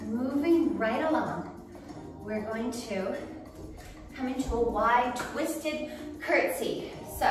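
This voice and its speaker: A woman's voice: high-pitched, a bit bright. A woman fitness instructor leading an exercise class, counting reps aloud and encouraging, a little out of breath. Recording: echoey room, distant mic, faint music.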